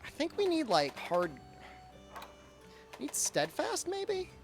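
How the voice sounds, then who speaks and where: A man's voice: extremely high pitch, wildly swooping pitch, slow, soft background music. A man streaming a game and chatting casually, telling a rambling story full of fillers and restarts. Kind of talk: casual chat during a live game stream.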